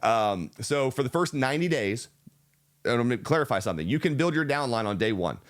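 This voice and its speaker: A man hosting a reaction video, explaining a business model in a measured, step-by-step way with some restarts. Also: lowish voice. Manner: measured, explanatory, restarts and fillers, speeds up and slows down. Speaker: real estate channel host reacting to a video.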